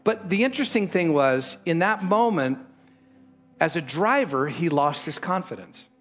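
A middle-aged man preaching a sermon as pastor, emphatic, with sudden lifts in pitch and a storytelling manner. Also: lively intonation, normal speed, a bit bright.

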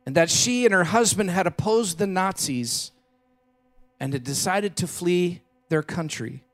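A man preaching a Christmas Eve sermon in a church, telling a story with dramatic shifts between loud and hushed delivery. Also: on the high side. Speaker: pastor.

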